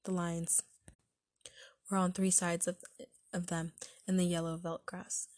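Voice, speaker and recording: A woman reading a story aloud as narrator, telling it in a steady, measured way. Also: fairly low pitch, no room sound.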